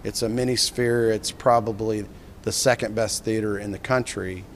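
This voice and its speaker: An excited, rambling middle-aged man telling a story. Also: lowish voice, normal speed, slight background noise. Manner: enthusiastic, rambling, with repeated restarts. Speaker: filmmaker. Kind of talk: animated storytelling in an interview.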